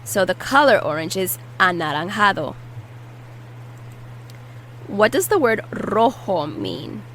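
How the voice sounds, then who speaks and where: A woman's voice: mid-range voice, big pitch swings, takes it slowly, a bit bright, slight background noise, poor audio. A woman teaching a language lesson, patiently repeating each word and explaining how to pronounce it. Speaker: Spanish teacher. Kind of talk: vocabulary lesson with repetition drills.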